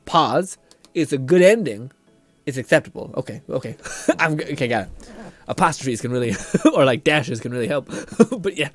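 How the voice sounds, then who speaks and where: A man's voice: mid-range voice, no room sound. A young man streaming live, chatting casually, reading chat aloud, laughing often and swearing freely.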